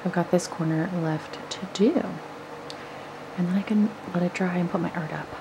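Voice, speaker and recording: A woman's voice: on the low side, steady tone, moderate pace, noisy background. A woman chatting casually in a home vlog, thinking aloud with lots of "like" as she paints her living room. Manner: hushed at night. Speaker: homestead vlogger.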